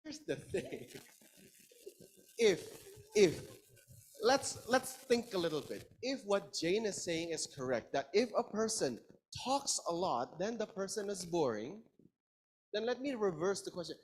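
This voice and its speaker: A man's voice: high-pitched, measured pace, husky, low-quality recording. A man lecturing a class in an interactive style, asking his audience questions. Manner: lively, engaging, asks the audience questions.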